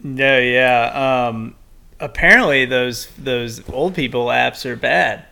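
A man co-hosting a podcast in casual chat, joking and quick to banter. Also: mid-range voice, vocal fry, bright, forceful tone. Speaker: podcast co-host.

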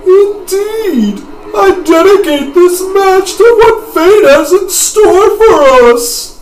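A man's voice: very high voice, expressive, takes it slowly, roomy sound, distant mic, voice pushed up, full character voice, poor audio. A man voicing a cold, grand young male swordsman rival in a video game, declaiming dramatically. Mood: solemn.

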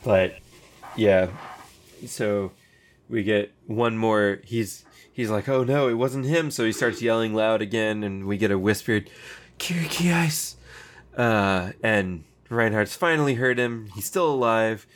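A man with a fairly low voice talks through a scene in a loose, rambling way. He swears casually and breaks into laughter often. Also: measured pace. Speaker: podcast co-host recapping an anime. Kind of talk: casual chat.

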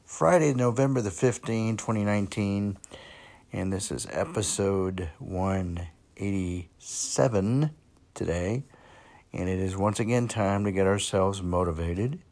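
Deep-voiced man hosting a motivational podcast. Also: gravelly, darkish tone. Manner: slow, plain-spoken, with many fillers. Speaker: podcast host.

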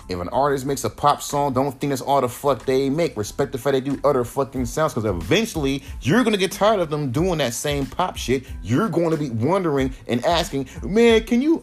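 A man on his own podcast, ranting hard and swearing constantly as he presses each point. His pitch jumps all over the place as he talks, rising and dropping with every jab. Faint music plays underneath him. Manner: heated, profane, emphatic. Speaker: rapper and podcast host. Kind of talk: solo podcast rant.

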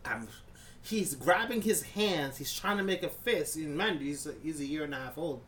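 Male podcast co-host, animated storyteller with a lively pitch, swears freely, faint noise behind. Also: moderate pace. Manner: animated, profane, acts out scenes with sound effects. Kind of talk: casual storytelling chat.

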